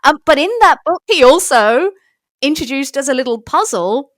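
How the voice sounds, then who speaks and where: Woman, interview guest, higher voice, dry close sound, patient step-by-step explaining. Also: lively intonation, normal speed, dry recording. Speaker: mathematician guest.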